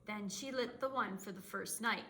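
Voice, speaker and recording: Librarian reading a storybook, expressive woman, bright voice, echoey room. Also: mid-range voice, normal speed. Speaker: children's librarian. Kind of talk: reading a picture book aloud. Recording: roomy echo.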